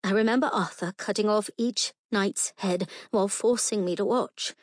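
A woman's voice: medium pitch, moderate pace, no room sound. A woman narrating a fantasy audiobook in the first person, with an earnest, emotional storytelling manner, recorded close and dry.

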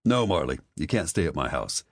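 An easygoing, amused man who teases his friends gently, as the narrator voices him. The voice is very deep and moves lively through its range. It is recorded dry for an audiobook. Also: a little fast, no room sound, heavily acted. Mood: teasing. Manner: teasing, amused. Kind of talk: audiobook character voice.

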